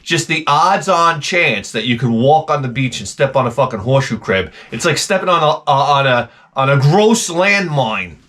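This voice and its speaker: A man's voice: medium pitch, moderate pace, few pauses. A man giving a profane, rambling comic rant to camera. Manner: profane, animated, jumps between tangents. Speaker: vlogger.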